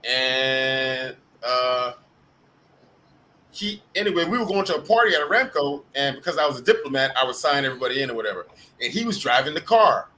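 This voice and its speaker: Bright-voiced man telling rambling stories. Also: medium pitch, lively intonation, a little fast, slight background noise, poor audio. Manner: rambling, profane, laughing storyteller. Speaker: host of a live group chat. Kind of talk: casual storytelling chat.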